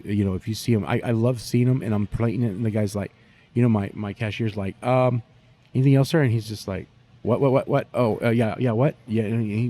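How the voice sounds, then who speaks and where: A man, a barbecue pitmaster telling stories in a profane, animated way during a casual interview. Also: fairly low pitch.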